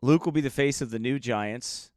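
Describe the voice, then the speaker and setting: Smooth and medium in pitch, this man speaks at a moderate pace in studio-quality sound with no room noise. An American pastor, he jokes around and chats casually with his livestream audience before preaching, reading viewers' names out loud.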